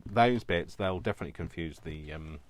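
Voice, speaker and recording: A man's voice: sits low, brisk, slight background noise. A man with a British accent chatting casually and rambling while he crafts at home, laughing often. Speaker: craft video host.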